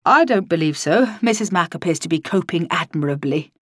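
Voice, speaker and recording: A woman's voice: on the low side, animated, fairly quick, husky, no room sound, clean studio sound. A woman reading an audiobook, voicing a formal, unflappable older male director with clipped, understated politeness. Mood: calm formal.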